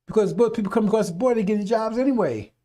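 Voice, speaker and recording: High-pitched, dark-toned man ranting on radio. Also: quick pace. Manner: folksy, rambling, scolding, with mocking put-on quotes. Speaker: radio preacher. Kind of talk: unscripted radio talk.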